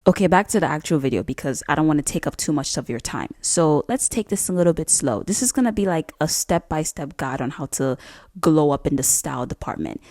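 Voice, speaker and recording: A young woman with a low, deep-set voice gives casual advice in a vlog. She talks bluntly and swears freely, cracking jokes as she goes. The sound is dry and close, with no room around it. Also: big pitch swings, brisk, darkish tone, dry recording. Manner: blunt, profane, jokey. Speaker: vlogger.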